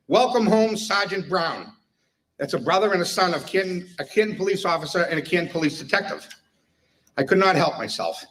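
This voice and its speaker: A man's voice: high-pitched, fairly bright tone. A man giving a humorous retirement tribute speech, chuckling his way through anecdotes. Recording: voice heard from a distance.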